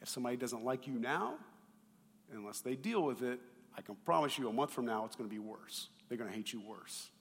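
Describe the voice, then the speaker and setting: Pastor preaching in a reverberant hall. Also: male voice, medium pitch, brisk. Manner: animated, swings between loud emphasis and quiet asides; conversational, asks the congregation questions. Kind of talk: sermon.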